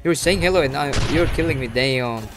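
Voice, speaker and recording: A man giving casual gameplay commentary, chatting with other players, who breaks into sudden shouts and laughter. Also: mid-range voice, a little fast, music in the background. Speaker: gaming YouTuber.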